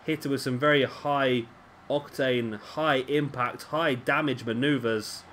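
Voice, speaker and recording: A man's voice: mid-range voice, steady tone, takes it slowly, fairly bright tone, a little hiss or hum. A man giving casual, rambling commentary over a wrestling video game and often correcting himself. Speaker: gaming commentator.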